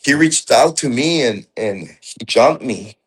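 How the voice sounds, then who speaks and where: A man telling a story as a guest in casual conversation, halting and restarting often, with rough, profane speech. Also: medium pitch, expressive.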